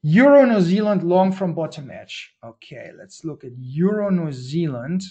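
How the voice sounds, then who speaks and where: A man hosting a trading webinar, talking through market charts in a brisk, blunt, informal way, with slang and frequent restarts. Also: a little high, lively intonation, dark tone, husky, lo-fi sound. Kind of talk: casual market-analysis webinar talk.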